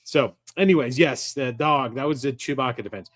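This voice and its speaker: A man co-hosting a casual sports podcast, speaking at a middle pitch into a dry, close mic. He tells stories in an animated, irreverent way and drops jokes as he goes. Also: moderate pace, no echo. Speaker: co-host.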